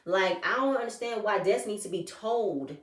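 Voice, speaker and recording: A woman's voice: medium pitch, brisk. Sassy lady recapping reality tv, acting out the drama, kinda far from the mic in an echoey room. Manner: animated, sassy, acts out the cast's quotes. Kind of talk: casual recap chat.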